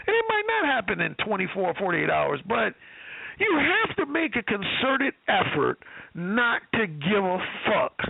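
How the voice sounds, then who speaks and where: A male dating coach tells a story with cursing and plenty of animation, his high voice bouncing all over. His tone is gravelly and husky. It sounds squeezed through a tinny phone line. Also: no room sound. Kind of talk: storytelling on a call-in show.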